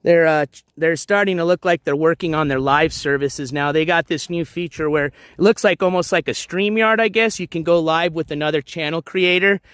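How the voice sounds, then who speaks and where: A man's voice: on the high side, fairly quick, hardly any pauses, a bit bright, clean tone, no room sound, studio quality. A man vlogging live outdoors while walking his dogs by the water, talking in a blunt, profane, rambling way full of fillers. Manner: blunt and profane, lots of "you know" fillers. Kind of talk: casual rambling live-stream chat.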